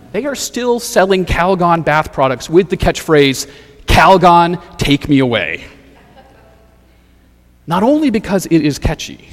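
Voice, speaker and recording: A man preaching a sermon as pastor, measured and rhetorical, building points through repeated phrases. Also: on the high side, in a large hall.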